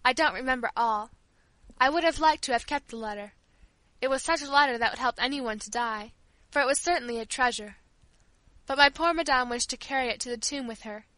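A woman's voice: a little high, sharp tone, no echo, low-quality recording. Woman doing a kindly old servant woman. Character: kindly old female family servant, devoted.

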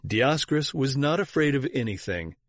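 Male audiobook narrator, formal and measured, mid-range voice, close and dry sound. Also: mid-range voice, expressive, dry recording. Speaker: audiobook reader. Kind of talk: scripted narration of church history.

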